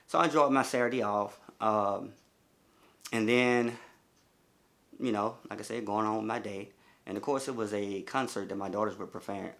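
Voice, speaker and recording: A middle-aged man, a bereaved father, recounting his story in a halting, repetitive way with many fillers. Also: fairly low pitch, vocal fry, fairly bright tone. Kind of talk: personal testimony.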